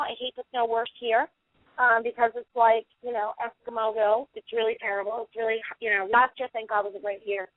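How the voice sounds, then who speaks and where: A middle-aged woman, a paranormal investigator, telling long animated stories as a guest in a radio interview. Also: on the high side, brisk, no room sound. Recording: tinny dry phone line.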